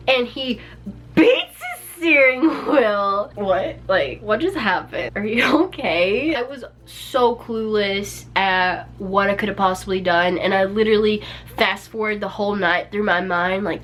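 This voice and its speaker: A woman's voice: mid-range voice, lively intonation, a little slow, a bit bright. A young woman vlogger telling a personal story in a casual, chatty way, peppered with "like" and small laughs. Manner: chatty, many "like"s and little laughs.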